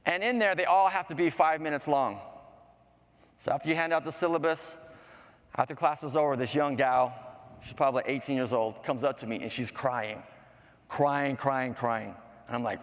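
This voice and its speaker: A man, a storytelling teacher, giving a conference talk full of animated story narration. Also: mid-range voice, moderate pace. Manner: animated storyteller, lively voices. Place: conference session room. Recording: long hall reverb.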